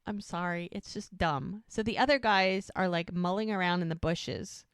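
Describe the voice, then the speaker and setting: A woman co-hosting a podcast recaps a TV episode in easygoing chat, bringing it to life by acting out what the characters say. Her lowish voice is clear and resonant, moving at a moderate pace, and the studio recording is clean with no echo.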